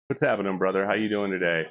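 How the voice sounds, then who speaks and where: A man in his forties chatting casually during a gym workout, crude and joking, laughing often as he tells stories. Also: low-pitched. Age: 40s. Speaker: fitness vlogger. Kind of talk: casual chat between sets. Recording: dull lo-fi recording.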